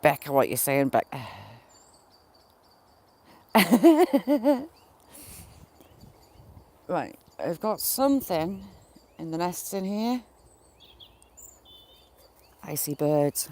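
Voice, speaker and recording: In a sing-song, extremely slow manner with frequent pauses, this darkish mid-range voice belongs to a smallholder live-streaming from a yard by a field. They chat casually with viewers and animals over chores, swearing mildly, while birds and chickens are heard.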